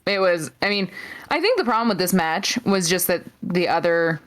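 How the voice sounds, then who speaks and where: Woman podcast cohost going through a wrestling show move by move, lots of ums, smooth clear voice. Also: on the low side, lively intonation. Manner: recaps match play-by-play with frequent "um" pauses. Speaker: podcast co-host. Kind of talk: casual wrestling recap.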